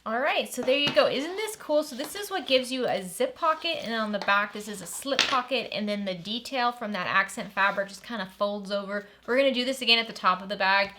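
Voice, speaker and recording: A woman's voice: fairly high pitch, expressive, brisk, hardly any pauses, sharp tone, slight background noise. A woman hosting a step-by-step sewing tutorial, upbeat and chatty as she walks through each stage and enthuses over the bag.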